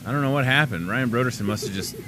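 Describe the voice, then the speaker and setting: A man's voice: mid-range voice, fast, background noise. A man hosting a live daily talk show, joking around in casual chat with his guests. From Chicago area. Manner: jokey, playful, animated.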